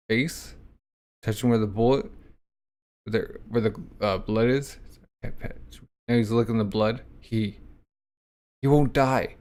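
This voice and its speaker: Slow-talking man reading a comic aloud. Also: mid-range voice, darkish tone. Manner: reads lines and sound effects aloud, with a casual "like". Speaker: reader reacting to a comic. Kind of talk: casual comic read-through with reactions.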